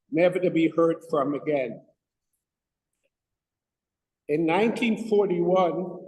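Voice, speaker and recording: A man giving a talk at a synagogue, reading a prepared text in a halting way with many restarts and pauses. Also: a little high. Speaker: lay speaker giving a talk. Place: synagogue room. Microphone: microphone not working. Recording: long reverb in a hall.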